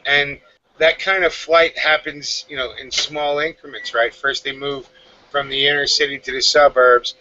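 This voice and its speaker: A man's voice: fairly high pitch, fairly even intonation, moderate pace, pushed and bright, no room sound. A man in casual chat who talks in an easygoing way and laughs along. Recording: dull podcast audio with faint room noise.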